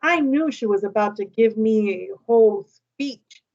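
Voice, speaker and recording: A woman's voice: a little high, measured pace, dull audio. Woman teacher reading a novel aloud. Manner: lively, voices the characters' dialogue.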